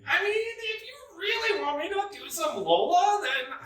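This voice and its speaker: A man's voice: very high voice, sing-song, a little slow, a bit bright, pitched above the performer's own voice, full character voice. A man voicing a sassy, flamboyant witch woman who carries herself like a queen. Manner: flamboyant, diva-like. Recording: roomy, distant mic.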